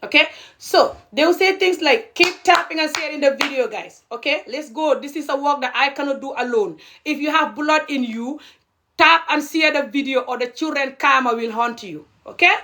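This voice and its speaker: A woman's voice: sits high, normal speed, bright, forceful tone. A young adult woman from Gambia giving heated, indignant social commentary to camera, pressing each point with a repeated "okay?". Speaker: video creator.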